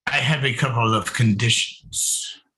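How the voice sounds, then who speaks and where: A man imitates an elderly German therapist with a thick German accent. He lays down his rules in a firm, measured way, his voice bright and forceful. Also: mid-range voice. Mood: stern. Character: very old German male therapist mentor, stern.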